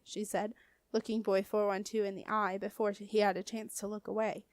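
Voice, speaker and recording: A woman narrating a children's fantasy audiobook in a steady, clear storytelling voice. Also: mid-range voice, moderate pace, no echo. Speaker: audiobook reader.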